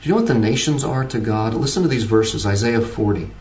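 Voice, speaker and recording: A man's voice: lowish voice, a little fast, a little mellow. Guy giving a sermon, earnest, kinda far off the mic, echoey church room. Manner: earnest preaching with varied emphasis and repeated restarts. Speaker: pastor. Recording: roomy, distant from the mic.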